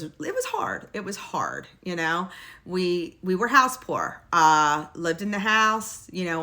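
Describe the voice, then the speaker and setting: A middle-aged woman casually telling a personal story in a blunt, lively way, swearing now and then. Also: on the low side.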